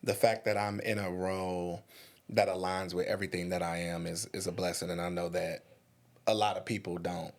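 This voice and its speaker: Low gravelly guy from michigan, podcast guest, laughs a lot, repeats stuff for emphasis. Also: moderate pace. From Muskegon Heights, Michigan. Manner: lively, laughs often, repeats phrases for emphasis. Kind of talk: conversational storytelling.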